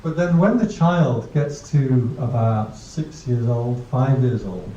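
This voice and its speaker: Dark-voiced monk giving a joking talk. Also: male voice, mid-range voice, animated, slow, slight background noise. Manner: humorous, anecdotal, laughs at own jokes. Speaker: Buddhist monk teaching mindfulness. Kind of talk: casual dharma talk to a class. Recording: dull distant roomy recording.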